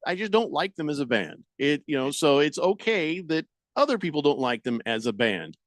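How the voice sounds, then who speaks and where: A man's voice: on the high side, sing-song, moderate pace, no room sound. A man hosting a sports radio show in casual banter, rambling and laughing as he reads listener texts. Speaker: radio sports talk host. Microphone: studio microphone.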